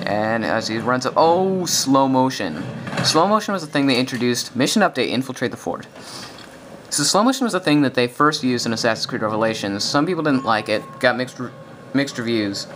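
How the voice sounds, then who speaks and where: A young man giving casual, excited gameplay commentary, rambling and correcting himself as he goes. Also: mid-range voice, fairly quick, noisy background. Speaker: gaming video commentator.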